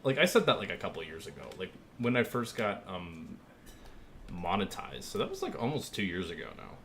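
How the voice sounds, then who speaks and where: A man's voice: low-pitched, big pitch swings, a little fast, fairly bright tone, a little hiss or hum. A man streaming casually, rambling with lots of fillers as he thinks aloud and thanks viewers while he works. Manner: rambling, filler-heavy, easygoing. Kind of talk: casual live-stream chat.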